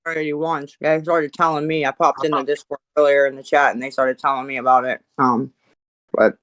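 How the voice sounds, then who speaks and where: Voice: mid-range voice, little pitch movement, a little fast, fairly bright tone, dry recording, low-quality recording. A moderator in a casual online voice chat, speaking hesitantly with lots of fillers and restarts.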